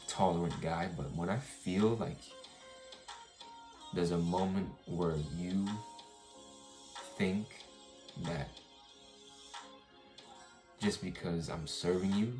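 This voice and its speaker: Venting casually to his camera, a young vlogger speaks in a deep, low voice. He keeps looping back and restarting sentences, cursing as he recounts what happened, while faint music plays in the background.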